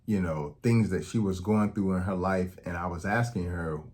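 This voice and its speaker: A man's voice: low-pitched, normal speed, a little mellow. A man talking to camera as a health educator, conversational and explanatory, often checking in with "okay?". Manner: acts out quoted dialogue in anecdotes. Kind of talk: direct-to-camera talk.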